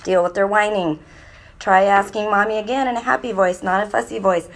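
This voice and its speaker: Woman speaker with a gravelly edge, lively, coaching mothers on parenting before a live audience. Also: mid-range voice, fairly quick, background noise. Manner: lively, mimics children's voices in quotes. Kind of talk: instructive talk to a live audience.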